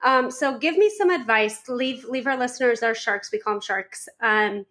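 A woman hosts a podcast interview in a chatty, informal way. She talks loosely and fills her sentences with fillers. Her voice is on the high side for a woman. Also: normal speed, fairly bright tone. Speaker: podcast host. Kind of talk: casual interview chat.

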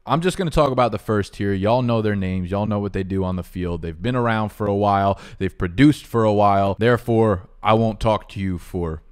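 Loud, playful fantasy football host. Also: male voice, lowish voice, brisk, few pauses, clear, resonant tone. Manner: loud, playful, profane, swings between shouting and muttering. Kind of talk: casual video commentary.

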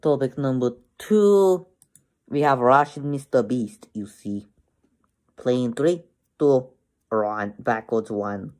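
A man performing a comedic parody skit in a mock dictator voice, with deadpan delivery. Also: mid-range voice, slow pace. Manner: mock Russian dictator bluster, deadpan jokes. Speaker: comedy streamer.

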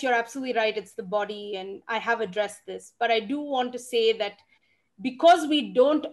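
A woman answering audience questions in an online session, expressive and emphatic, stressing words to make her point. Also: a little high. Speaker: featured dancer and speaker. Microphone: video call.

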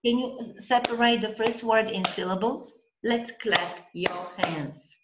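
A woman teaching a language lesson online, patient and deliberate, breaking words into syllables and checking in with the student. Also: medium pitch, highs cut off, heavy background noise. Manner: patient, slow, spells out syllables and checks with "okay?".

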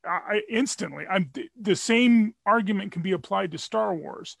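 A man with a high, gravelly voice trades wry, argumentative quips as a podcast guest. His sound is dry and close. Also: expressive, moderate pace, fairly bright tone, dry recording. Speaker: guest co-host. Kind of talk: casual chat.

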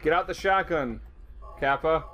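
A man's voice: on the high side, normal speed, highs cut off, a little hiss or hum. A man co-hosting a let's play, joking and teasing his friend while they play. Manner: jokey, laughs often. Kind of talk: casual gameplay banter.

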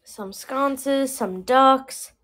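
A woman's voice: high-pitched, very slow, a bit bright. Chatty young woman selling live. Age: 20s. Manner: chatty and self-deprecating, laughs at own slips. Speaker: live online seller. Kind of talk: casual live-sale chat.

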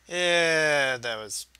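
A man's voice: fairly high pitch, bright, forceful tone, clear, resonant tone, no echo. A man rambling through let's-play game commentary, swearing casually and talking to himself and his viewers. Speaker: gaming video host.

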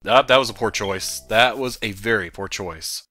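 A young man giving casual let's play commentary, rambling, then shouting at the game and apologizing. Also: on the low side, normal speed. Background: game music.

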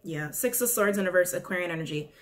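A woman's voice: lowish voice, quick pace, noisy background. Chatty woman giving a blunt tarot reading. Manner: chatty, repeats questions to the cards, swears freely. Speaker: tarot reader. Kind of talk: casual weekly tarot reading.

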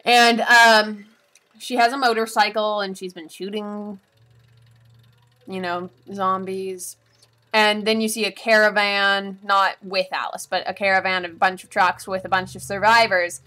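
A woman's voice: mid-range voice, little pitch movement, measured pace, pushed and bright. A woman vlogger giving a rambling, casual recap of a movie, full of asides and giggles.

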